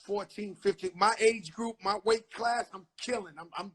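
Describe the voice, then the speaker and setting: A middle-aged man hosting an interview, telling animated stories full of street slang. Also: high voice, moderate pace. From the Bronx, New York. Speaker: host. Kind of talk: casual interview chat.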